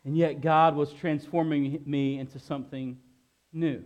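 A middle-aged man preaching a sermon, sharing a personal testimony in an earnest way, often halting and repeating himself. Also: fairly high pitch, little pitch movement, darkish tone, highs cut off. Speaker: pastor.

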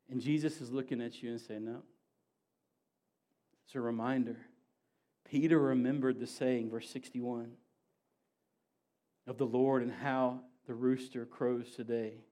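A man preaching a sermon as pastor, building to emphatic raised passages and dropping to quiet low asides. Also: fairly even intonation, measured pace, pauses often.

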